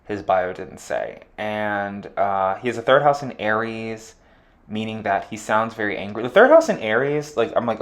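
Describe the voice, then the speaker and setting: A man's voice: fairly low pitch, lively intonation, moderate pace. A man giving a casual solo astrology chart reading, rambling with lots of fillers and offhand jokes. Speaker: astrology reader.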